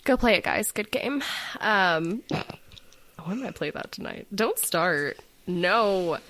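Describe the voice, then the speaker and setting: A woman co-hosting a comedy podcast, riffing excitably in improvised chat. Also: mid-range voice, slow. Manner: excitable, riffing, laughs often. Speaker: podcast co-host.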